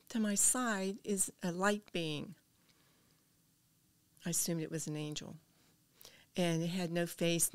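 A woman's voice: fairly low pitch, no room sound. An older woman, a podcast guest, earnestly telling a personal story and dropping to a whisper at tense moments.

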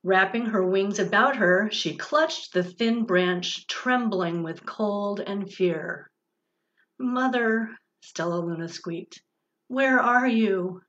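A woman reads a children's storybook aloud, very slowly and gently, with expressive phrasing. Her voice sits in a middle pitch. The recording sounds somewhat dull and lo-fi. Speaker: director of religious education.

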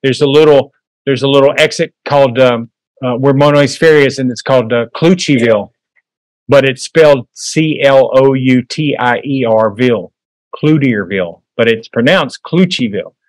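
In a meeting room, a man serving as guest speaker delivers a history talk and Q&A in a folksy, chatty way, full of fillers. His medium-pitched voice holds a steady tone at a moderate pace, captured in a dry, rough recording.

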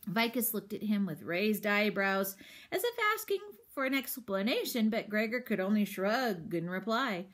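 A woman, a teacher, reading a children's book aloud with expressive storytelling. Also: mid-range voice, moderate pace.

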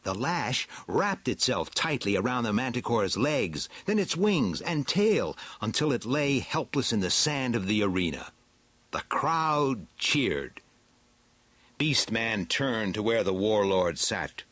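A man reading a storybook aloud with a slow, dramatic, swooping delivery. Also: mid-range voice, sing-song, fairly bright tone, slightly rough, no echo. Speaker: narrator.

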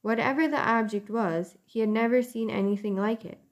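A woman reading a children's chapter book aloud with gentle, clear storytelling. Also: fairly high pitch, brisk. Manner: gentle, clear storytelling; casual chatty sign-off. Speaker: storybook reader.

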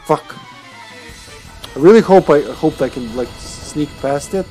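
A man's voice: a little high, animated, a little slow, mellow. A man streaming a game live, chatting in a laid-back way, swearing and laughing. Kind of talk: casual live gameplay commentary. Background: game music.

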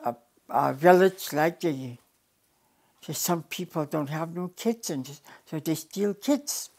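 Older woman storyteller with a low voice. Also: lively intonation, darkish tone, slightly rough. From Yukon, Canada. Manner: unhurried, restarts and repeats words, plain direct phrasing. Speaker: elder storyteller. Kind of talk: oral storytelling.

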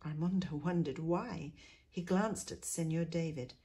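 A woman teacher reading a picture book aloud to schoolchildren, expressive and dropping to a hush in quiet moments. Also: sits low, measured pace, slightly rough. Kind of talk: storybook read-aloud.

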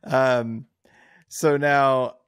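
A man's voice: mid-range voice, fairly even intonation, extremely slow, fairly bright tone, smooth, no room sound, clean studio sound. A young man from Northern Virginia co-hosting a podcast in a casual, rambling way, laughing often, with no accent. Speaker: podcast co-host.

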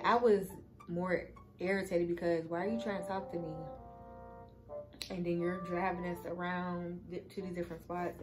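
With a lowish, darkish voice, a woman vlogger relays a casual story to her audience, swearing freely, chatting away and calling them y'all. The recording quality is low.

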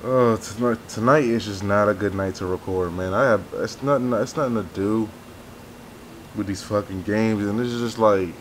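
A man's voice: moderate pace, a little hiss or hum. Foul-mouthed young man venting over gameplay. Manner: cursing, venting, loud outbursts then low muttering. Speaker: gaming YouTuber. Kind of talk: frustrated gameplay commentary.

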